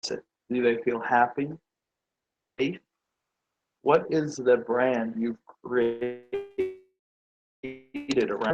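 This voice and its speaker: A man gives a motivational business talk on branding and sales. He asks his listeners rhetorical questions and acts out how people react, his voice at a middle pitch. The recording is dull and lo-fi. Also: very slow, pauses often, soft background music. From Nordic.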